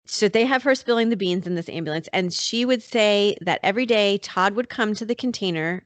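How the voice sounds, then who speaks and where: A woman's voice: mid-range voice, animated, brisk, no room sound. A woman hosting a true-crime podcast, telling the story in a casual, chatty way with lots of fillers. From North Carolina. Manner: chatty, many fillers like "like" and "you know". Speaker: podcast host.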